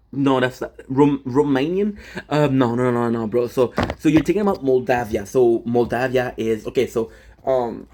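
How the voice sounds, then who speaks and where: A young man whose first language is French talks casually to his live-stream chat, rambling and restarting with plenty of fillers. His voice is husky and sits at an ordinary middle pitch. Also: mellow. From Canada. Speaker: livestreamer.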